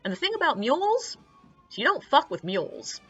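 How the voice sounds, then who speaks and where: A woman's voice: high voice, big pitch swings, moderate pace, fairly bright tone, muffled recording, soft background music. A young woman, a tour guide, telling anecdotes in a chatty, casual way, peppered with likes, uhs and swearing. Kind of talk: casual storytelling vlog.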